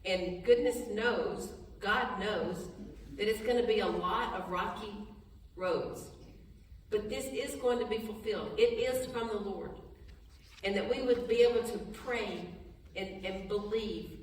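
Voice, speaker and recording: In an echoey hall, a mid-range female voice comes from a distance, with slight background noise. Leading a Bible study, she reads verses aloud and unpacks them chattily and plainly, with restarts, brief laughter, and a soft, slow prayer voice.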